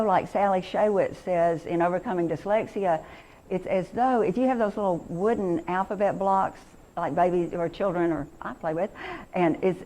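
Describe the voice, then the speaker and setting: A woman's voice: fairly low pitch, a little mellow, low-quality recording. A woman in her sixties giving a chatty, encouraging workshop talk on reading to teachers and parents, with many restarts.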